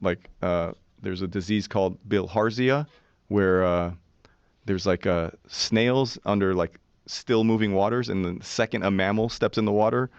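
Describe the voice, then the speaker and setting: Animated, low-voiced man in his forties. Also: normal speed, smooth, dry recording, dull audio. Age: 40s. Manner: animated, profane storyteller who acts out quotes. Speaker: podcast guest. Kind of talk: casual storytelling.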